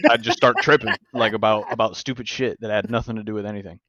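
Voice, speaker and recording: A man hosting a podcast, telling stories in casual, profane, animated chat. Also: on the low side, fast talker, no echo, lo-fi sound. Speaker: podcast host.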